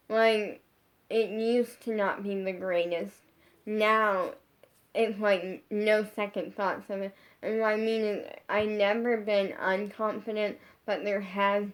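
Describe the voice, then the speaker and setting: Rambling woman telling a vlog story. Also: medium pitch. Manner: rambling, heavy use of 'like', frequent restarts. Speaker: social media creator. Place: her bedroom.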